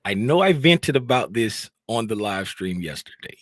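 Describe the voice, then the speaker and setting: On a casual live stream, a male trading educator rambles and vents animatedly, repeating phrases. His voice is on the low side at a normal pace, with no room sound.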